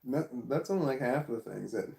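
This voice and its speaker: A man's voice: medium pitch, expressive, fairly quick, creaky, darkish tone, echoey room. A man telling a casual story to the camera. He rambles, repeats himself and swears often. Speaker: vlogger.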